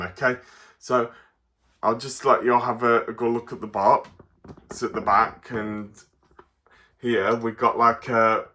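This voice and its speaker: Derbyshire man with a bright, forward voice, casual and giggly, unboxing toys on camera. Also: fairly low pitch. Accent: Derbyshire English. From Derbyshire, England. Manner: chatty, chuckles often, halting with fillers. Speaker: toy reviewer.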